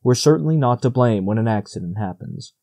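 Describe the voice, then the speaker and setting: A self-important magpie, put on by a man reading aloud, croaking along and chattering on. The voice is mellow and low. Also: lively intonation, a little fast. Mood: busy.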